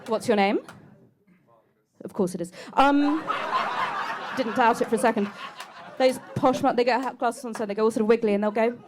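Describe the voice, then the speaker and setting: A woman's voice: fairly high pitch, brisk, long pauses. A woman, doing a chatty, self-mocking stand-up set and teasing the crowd in a comedy club. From England. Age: 30s. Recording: live club recording with audience noise.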